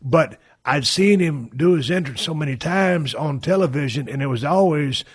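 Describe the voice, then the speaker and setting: A man telling wrestling stories in a folksy, profane, animated way. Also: on the high side, normal speed. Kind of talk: casual storytelling.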